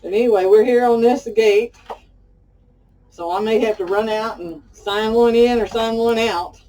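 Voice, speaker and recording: A woman's voice: on the high side, a little slow, dark tone, distant mic, slight background noise, poor audio. A middle-aged woman from Texas with a Southern accent, chatting folksily to viewers as she demonstrates a recipe. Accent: Texan Southern. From Pasadena, Texas. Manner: folksy and talkative, addresses viewers as y'all. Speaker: cooking show host. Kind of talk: casual cooking demonstration with chatty stories.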